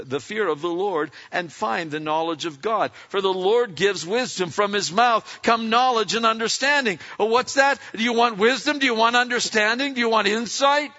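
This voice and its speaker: Male preacher, casual folksy sermon delivery, voice a little high, dull lo-fi recording. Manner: folksy, swings between loud and quiet, acts out quotes. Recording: dull lo-fi sound.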